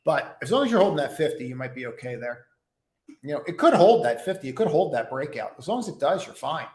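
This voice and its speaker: A man's voice: fairly high pitch, sing-song, fast, darkish tone. Chatty male trading streamer, roomy sound. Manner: conversational, chatty with many fillers, addresses viewers by name. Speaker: stock trading live-stream host. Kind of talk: casual live-stream market commentary.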